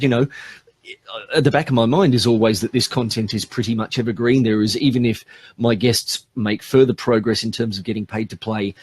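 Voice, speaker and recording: A man's voice: mid-range voice, no room sound, studio quality. Chatty Australian man on a live stream. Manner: rambling, chatty, many ums. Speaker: podcast host. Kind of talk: casual live-stream chat.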